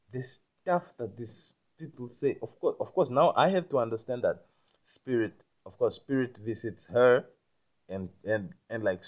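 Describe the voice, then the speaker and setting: A man rambling through a spiritual monologue, repeating himself and often checking that the listener understands, growing loud and emphatic when indignant. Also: lowish voice. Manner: repetitive, keeps asking "you understand me?".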